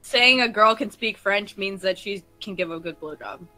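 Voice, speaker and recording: A woman's voice: mid-range voice, normal speed, pushed and bright, no echo, faint music behind, low-quality recording. A woman chatting casually while gaming, trading crude, swear-filled banter. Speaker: co-host of a gaming video.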